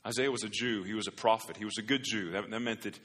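Male pastor, sermon delivery, low-pitched and forceful, builds to emphatic peaks; long hall reverb. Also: fast, breathy edge. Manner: repeats words at phrase starts, builds to emphatic rises.

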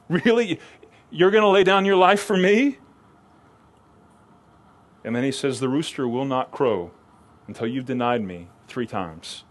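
Male preacher, expressive sermon delivery, animates quoted speech, conversational restarts. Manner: expressive, acts out quoted lines with rising pitch; repeats words when restarting.

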